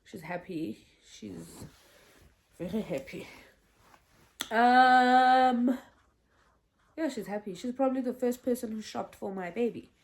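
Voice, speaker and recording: A woman's voice: on the high side, takes it slowly, pauses often. A young woman telling a casual storytime vlog, chatty and meandering, often restarting and laughing. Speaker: vlogger.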